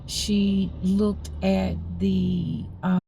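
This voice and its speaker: A woman's voice: medium pitch, little pitch movement, very slow, vocal fry. A woman telling a story casually to her camera, chatty and rambling, full of fillers and repeated "I said". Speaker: vlogger. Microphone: camera recording. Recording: loud background noise, vehicle sounds.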